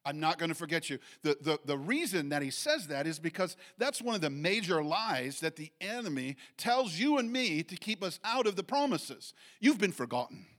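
A man preaching a sermon, reading scripture and speaking with animated rises, restarts and fillers. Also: sits high, moderate pace, hardly any pauses. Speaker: pastor.

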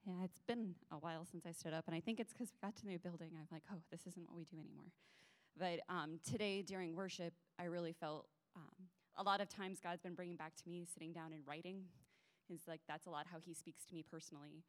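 A woman's voice: lowish voice, steady tone. A woman standing up in church to share a personal testimony in a chatty way, laughing now and then. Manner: quick, chatty, laughs as she talks. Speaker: church member sharing. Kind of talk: casual testimony.

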